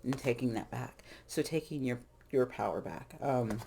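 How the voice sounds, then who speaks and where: Low gravelly-voiced woman reading tarot. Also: normal speed, dark tone, a little hiss or hum. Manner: rambling, frank, self-interrupting. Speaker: tarot reader. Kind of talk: casual spiritual talk.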